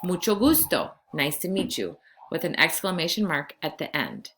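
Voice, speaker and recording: A woman in her forties from California, giving a recorded Spanish lesson to her class in slow, clear instructions. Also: low voice, big pitch swings, a bit bright, slight background noise. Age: 40s. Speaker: Spanish teacher.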